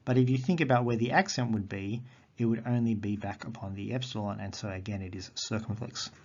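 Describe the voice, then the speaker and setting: Man teaching a recorded grammar lesson. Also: on the low side. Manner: patient explaining, repeats words slowly. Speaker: Greek teacher. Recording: dull lo-fi audio.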